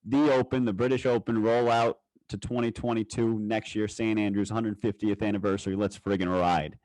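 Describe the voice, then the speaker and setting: A man's voice: on the low side, level tone, moderate pace, a little mellow, no room sound. A young man co-hosting a casual golf podcast, hyped and rambling, swearing now and then. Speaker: podcast co-host.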